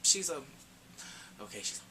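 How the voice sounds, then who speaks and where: A man's voice: a little slow, noisy background. A man giving a casual, rambling episode review, often correcting himself as he goes. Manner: rambling, animated, self-correcting. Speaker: anime reviewer.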